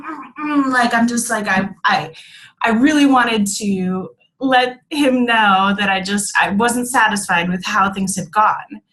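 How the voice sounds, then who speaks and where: A woman talking casually and reflectively about her own experience, with lots of fillers, slowing and softening at tender moments. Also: mid-range voice, low-quality recording. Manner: chatty, many fillers, drops softer and slower at reflective moments. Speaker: speaker sharing a personal story.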